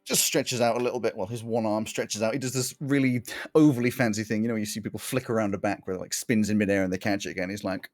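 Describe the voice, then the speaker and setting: Laid-back male game master, lowish voice, dry close sound. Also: fairly even intonation, fast talker, hardly any pauses, no echo. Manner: laid-back, chuckling often. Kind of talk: narrating a tabletop game.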